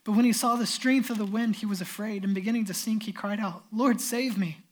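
A man's voice: sits high, steady tone, a little fast. A man preaching as pastor, reading scripture and retelling it in an earnest, emphatic storytelling way.

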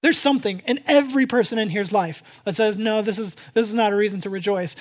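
A pastor preaching a sermon to a congregation in church, animated and emphatic, repeating key phrases and swinging from loud to hushed. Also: mid-range voice, fast talker, hardly any pauses.

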